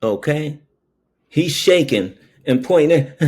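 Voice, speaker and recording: Male storyteller, mid-range voice, slow and deliberate. Tag lines with "okay?" and jump high for quoted voices. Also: expressive. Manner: slow, keeps saying "okay?" between phrases; acts out quoted voices with sudden high pitch. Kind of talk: casual storytelling monologue.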